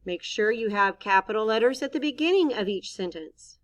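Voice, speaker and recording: A woman's voice: fairly high pitch, lively intonation, moderate pace. A woman teacher giving a recorded writing lesson for young children, patiently thinking aloud as she models each sentence. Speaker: elementary school teacher.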